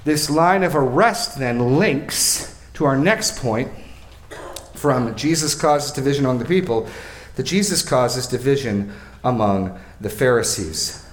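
A man's voice: mid-range voice, lively intonation, measured pace, roomy sound. A male pastor preaching an expository sermon. He asks questions of his listeners and repeats phrases for emphasis.

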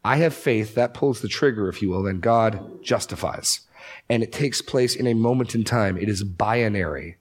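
Male pastor, low voice, emphatic class teaching, casual asides. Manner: conversational, emphatic, quick asides. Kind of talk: teaching talk.

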